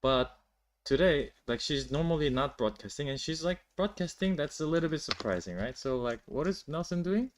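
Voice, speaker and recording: A man's voice: on the high side, animated, moderate pace, a little hiss or hum. A man teaching a language on a live stream, explaining in a loose, chatty way full of "like" and restarts and answering viewers' questions. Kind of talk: casual live-stream lesson.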